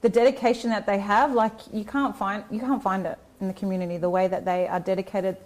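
A woman's voice: mid-range voice, steady tone, fast talker, a little mellow. Woman guest, earnest and reflective, casual chat. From Australia. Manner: earnest, reflective, many restarts. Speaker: guest, community organizer.

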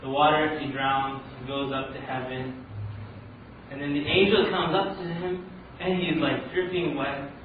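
Speaking unhurriedly in a slightly high voice, a man from Canada delivers a religious talk, acting out the characters of a story with animation. The audio is roomy and lo-fi, picked up from far off, with a little hiss or hum.

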